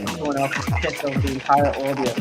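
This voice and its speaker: A British man as a podcast guest, telling an anecdote haltingly with many fillers. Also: medium pitch, little pitch movement, over loud music. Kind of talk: casual chat.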